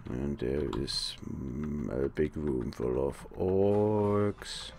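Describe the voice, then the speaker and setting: A man's voice: extremely low pitch, drawn-out words, vocal fry, warm tone. A man giving live gameplay commentary as a let's play host, sarcastic and rambling, talking to the monsters on screen. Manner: rambling, thinks aloud.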